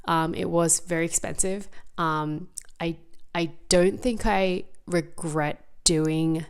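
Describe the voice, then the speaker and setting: A young woman from Australia with a softened Australian accent, hosting a frank, confessional solo podcast with plenty of ums and likes. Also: lowish voice, clean tone. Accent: Australian, softened by US years. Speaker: podcast host. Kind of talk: candid solo podcast monologue. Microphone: seen on screen, talking to camera.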